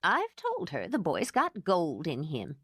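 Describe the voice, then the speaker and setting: Woman doing a slow, clucking old cook. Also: fairly low pitch, huge pitch swings, fairly bright tone, slightly rough, dry recording, clean studio sound, exaggerated voice. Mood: calm. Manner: slow and soothing.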